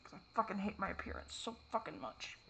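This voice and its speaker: A man vlogs a confession in a high, creaky voice over a very noisy recording. His speech halts and loops, peppered with swearing, and drifts between distress and mild, ironic self-deprecation.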